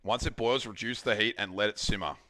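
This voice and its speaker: A man's voice: on the low side, a little fast, pushed and bright. An Australian man streaming while cooking at home, bantering loosely with his chat and swearing casually. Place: home kitchen.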